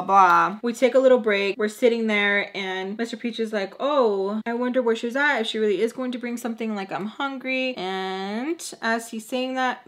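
A young woman telling a storytime in a casual, animated way, her tone bright and forward. She acts out what others said and slips Spanish phrases into her English. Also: fairly high pitch. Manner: animated, acts out quotes in put-on voices, swears freely. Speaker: storytime vlogger.

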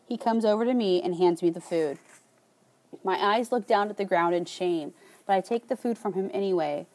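A woman narrating an audiobook in a calm, measured first-person reading. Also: mid-range voice.

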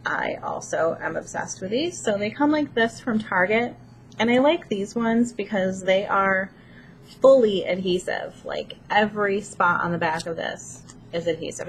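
A woman's voice: mid-range voice, rough recording. A woman talks her way through a casual craft tutorial at home. She is chatty, pokes fun at herself, and keeps talking as she works. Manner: chatty, self-deprecating, talks while working. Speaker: planner vlogger. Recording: steady background noise.

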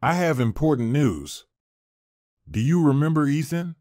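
A man voicing a calm family lawyer. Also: on the high side, a little slow, no room sound, studio quality, pitched above the performer's own voice.

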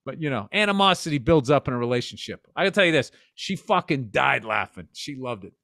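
A man's voice: mid-range voice, sing-song, fairly quick, creaky, a bit bright, no echo. Profane storytelling man, dry close mic. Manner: profane storytelling, jumps into voices. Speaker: podcast co-host. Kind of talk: casual chat.

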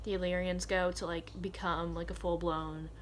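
A woman's voice: on the low side, moderate pace, slight background noise. A young woman with a Southern US accent, chatting casually in a book vlog, gushing with lots of laughs and "like". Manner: excited gushing with frequent laughs and "like". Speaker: book vlogger.

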